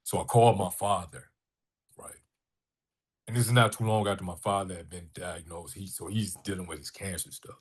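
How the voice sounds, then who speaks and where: A man's voice: sits low, moderate pace, breathy edge. A middle-aged man, a guest on a podcast, telling a personal story with animation and acting out the dialogue. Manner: animated storyteller who acts out quoted dialogue. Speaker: podcast guest, artist and filmmaker.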